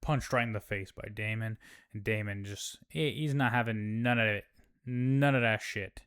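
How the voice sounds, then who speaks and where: Man, casual recap host, rambling, swearing, smooth resonant voice. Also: lowish voice, moderate pace, a bit bright. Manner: rambling, profane, many fillers.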